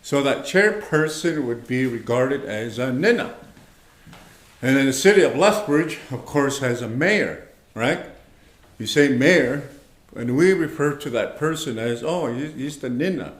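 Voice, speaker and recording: A man teaching an online language class, speaking slowly and patiently, repeating words and checking in with his students. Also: medium pitch, expressive, echoey room. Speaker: language instructor.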